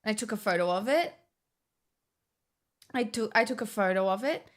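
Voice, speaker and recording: A woman's voice: mid-range voice, normal speed. A young woman, chatting casually as a vlogger, swearing often and restarting her sentences. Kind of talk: casual storytime chat.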